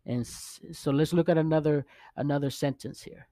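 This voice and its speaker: A man teaching Spanish vowels in a casual video lesson, pausing often to check in with the viewer. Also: on the high side, fairly even intonation, dark tone, dry recording. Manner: halting, restarts often, checks in with "okay?" and "right?".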